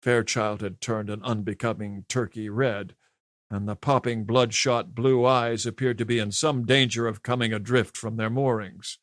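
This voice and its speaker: A man reading an audiobook as narrator in a measured, even storytelling manner. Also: fairly low pitch, no room sound, clean studio sound. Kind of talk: scripted narration.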